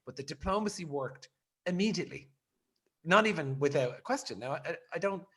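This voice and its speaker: A man, hosting a podcast and telling a rambling, animated story in casual chat. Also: a little high, fairly quick, husky. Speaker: podcast host.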